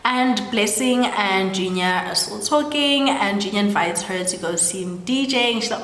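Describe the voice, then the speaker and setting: A woman's voice: medium pitch, moderate pace, few pauses, fairly bright tone. Chatty South African woman in echoey room. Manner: chatty, says "like" often, acts out quoted lines. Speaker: storytelling host. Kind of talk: casual story recap. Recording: echoey room with long reverb.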